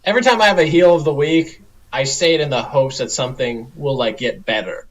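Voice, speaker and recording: A man's voice: medium pitch, a little fast. A man co-hosting a podcast, ranting in casual chat with sardonic exasperation and repeated restarts. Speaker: podcast co-host.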